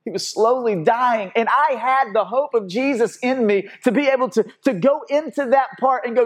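A man preaching a sermon with impassioned delivery, repeating words and restarting phrases, swinging between loud exhortation and quiet intensity. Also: very high-pitched, normal speed, hardly any pauses, breathy edge.

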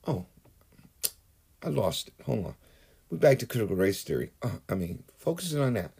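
Husky man on an angry, profane rant. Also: fairly low pitch, big pitch swings, moderate pace, warm tone. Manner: heated, swearing, builds to outbursts. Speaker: political commentator.

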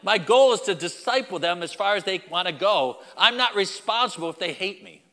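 A man's voice: sits high, lively intonation, a little fast, pushed and bright, in a large hall. A man preaching a sermon as pastor, emphatic and repetitive, speaking directly to the congregation.

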